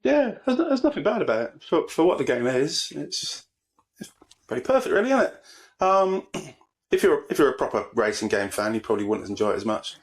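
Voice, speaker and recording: A man's voice: on the high side, very animated, brisk. A man co-hosting a podcast, chatting in an easygoing way and explaining things at length. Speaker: podcast co-host. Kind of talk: casual chat.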